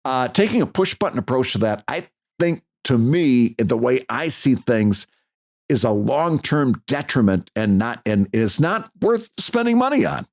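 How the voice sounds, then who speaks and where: A man's voice: mid-range voice, very animated, unhurried, creaky. A man co-hosting a podcast in casual chat, blunt and emphatic, restarting his sentences often. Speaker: podcast co-host.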